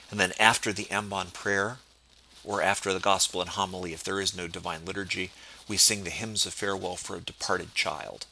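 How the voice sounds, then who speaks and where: A man's voice: low-pitched, vocal fry, pushed and bright, a little hiss or hum, rough recording. A man giving a precise, explanatory tutorial on church chant, quoting liturgical texts as he walks through the service.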